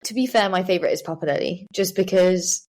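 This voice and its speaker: Gravelly-voiced young woman, chatty. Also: on the low side, fast, a little mellow. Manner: chatty, many fillers and likes. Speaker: guest, professional cyclist. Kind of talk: casual interview chat.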